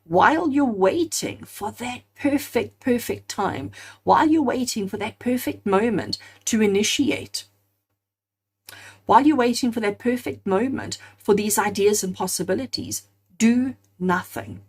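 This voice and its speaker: Husky-voiced woman giving a tarot reading. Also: on the high side, unhurried, darkish tone. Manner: earnest, repeats phrases in emphatic lists; addresses viewers directly as friends. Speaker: tarot card reader. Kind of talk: spoken tarot reading to camera.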